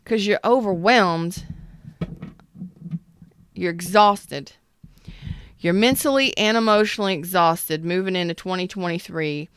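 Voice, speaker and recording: A woman talks through a tarot reading to her chat in a blunt, animated way, dropping curses and slang. Her voice is smooth and clear, recorded dry and close with no room sound. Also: on the low side, dry recording. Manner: blunt, swearing, animated Southern-style slang. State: clearing throat after a cough. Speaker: tarot reader. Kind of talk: casual livestream tarot reading.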